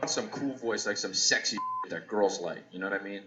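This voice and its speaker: A man's voice: on the low side, a little fast, over music. A man doing a profane stand-up comedy routine on a club stage, slipping into mock voices as he laughs along. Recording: dull lo-fi audio with roomy echo.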